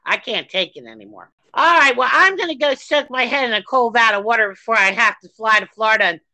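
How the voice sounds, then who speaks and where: Woman podcast co-host, angry swearing rant, bright sharp voice, dry close sound. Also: a little high, expressive, fast, no room sound, poor audio. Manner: furious, swearing, shouting rants; reads a news article aloud.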